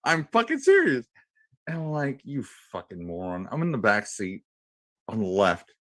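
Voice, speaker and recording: Speaking at a moderate pace in a voice on the high side, a man in his thirties spins a rambling, foul-mouthed story for a radio panel. There's no echo. The talk is crude, casual storytelling, delivered animatedly.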